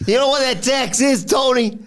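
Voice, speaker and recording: A man doing a loud, swaggering Italian-American mobster wrestler impression with an exaggerated accent. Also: extremely high pitch, moderate pace, a little hiss or hum, voice pushed up.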